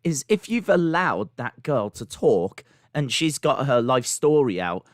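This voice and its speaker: A man's voice: mid-range voice, a little slow, dry recording, studio quality. A British man co-hosting a casual wrestling podcast, teasing his co-host. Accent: British English. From United Kingdom. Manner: teasing, animated storyteller. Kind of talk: casual chat.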